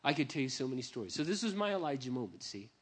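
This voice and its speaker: A middle-aged man who is a pastor, telling a personal story in a sermon. He swings from hushed, confiding lines to loud, impassioned ones. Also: mid-range voice, big pitch swings, rapid-fire, breathy edge.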